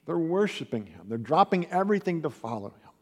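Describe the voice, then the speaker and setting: A man preaching a conversational sermon and retelling stories with animated quoted voices. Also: fairly quick, breathy edge. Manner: animated storytelling, raises pitch for quoted voices. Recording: long reverb of a hall.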